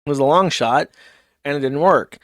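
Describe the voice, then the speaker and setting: A man's voice: a little high, normal speed, dry recording, studio quality. A man hosting a casual online commentary show, reading posts aloud and mocking them with sarcastic, profane asides. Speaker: streamer host.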